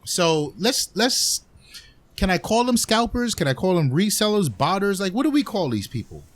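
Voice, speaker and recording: A man's voice: high voice, sing-song, normal speed, no echo. A man hosting a podcast, chatting casually in a loose, profane, joking way. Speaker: podcast host. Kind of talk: casual chat.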